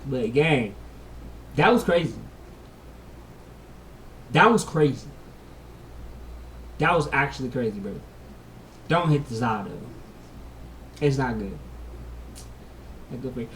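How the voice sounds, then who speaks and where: A vlogger telling a story in slangy casual chat, saying "bro" a lot, moving between mumbled asides and loud excited bursts. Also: mid-range voice, slow pace, long pauses, distant mic. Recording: echoey room, voice from off the mic, faint hiss.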